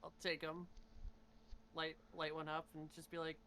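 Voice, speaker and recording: A woman's voice: low voice, completely flat delivery, moderate pace, fairly bright tone, slight background noise. Wry woman playing a tabletop game. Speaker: player. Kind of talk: casual tabletop play.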